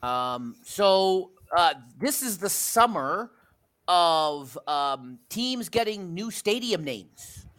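A man's voice: high voice, big pitch swings, extremely slow, fairly bright tone. A man from Canada telling rambling stories with many restarts as a podcast co-host in casual sports chat.

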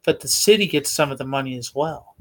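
A man co-hosting a casual sports podcast, explaining things in a relaxed way with fillers. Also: medium pitch, brisk. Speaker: podcast co-host.

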